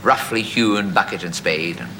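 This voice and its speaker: A man's voice: sits low, normal speed, heavy background noise. A man telling a long, chatty comic story on stage, dropping asides like "you see". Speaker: comedian telling a joke. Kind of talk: stand-up joke telling.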